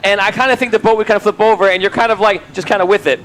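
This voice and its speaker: A man's voice: high voice, fairly even intonation, rapid-fire, crowd noise. A man running a tabletop game as game master, narrating with frequent laughter and rambling asides.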